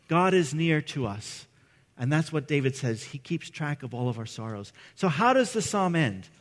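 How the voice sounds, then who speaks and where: Middle-aged male pastor, high and earnest, preaching in a church with a long echo. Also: a bit bright. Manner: earnest, conversational, frequent "right?" asides. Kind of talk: sermon. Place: church sanctuary.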